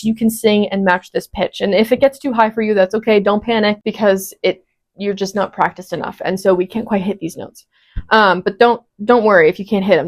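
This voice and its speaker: A woman in her twenties with a medium-pitched voice teaches a singing lesson online. She explains each step and keeps encouraging her student with frequent check-ins.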